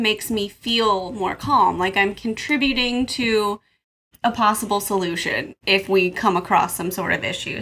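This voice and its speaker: A woman's voice: fairly high pitch, bright, forceful tone. A woman co-hosting a podcast, chatting casually with a wry, teasing manner. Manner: wry, quick to tease. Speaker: podcast co-host. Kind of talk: casual chat.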